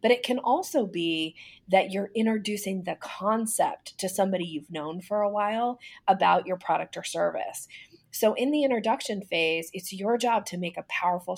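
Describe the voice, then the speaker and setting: A woman's voice: medium pitch, vocal fry, husky. A woman guest on a podcast interview, explaining business speaking skills in a confident, instructive way and demonstrating vocal inflections as she goes.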